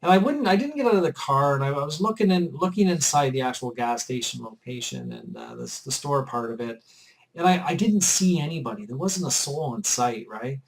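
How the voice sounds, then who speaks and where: A man's voice: mid-range voice, big pitch swings, brisk, rough recording. Earnest man telling a story to camera. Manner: earnest and chatty, often repeats himself. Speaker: vlogger.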